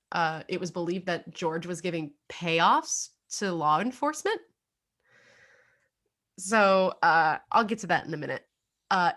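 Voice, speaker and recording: A lowish, somewhat bright voice belongs to a young adult woman co-hosting a laid-back true-crime podcast. She keeps things chatty with many fillers and the occasional laugh.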